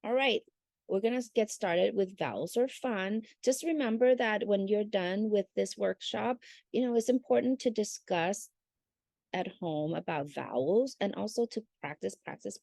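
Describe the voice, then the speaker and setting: A woman's voice: mid-range voice, lively intonation, moderate pace, creaky, a little mellow, dry recording. A woman teacher giving a parent workshop in a chatty way, with fillers and check-ins. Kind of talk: casual instructional talk.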